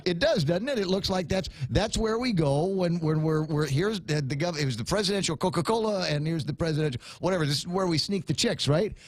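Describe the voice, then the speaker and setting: A man's voice: fairly high pitch, animated, fairly quick, hardly any pauses, no room sound, studio quality. Middle-aged male radio host from Guam, casual chatty delivery, lots of restarts and asides. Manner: rambling, with many restarts and playful asides. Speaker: radio talk show host. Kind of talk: casual morning radio chat.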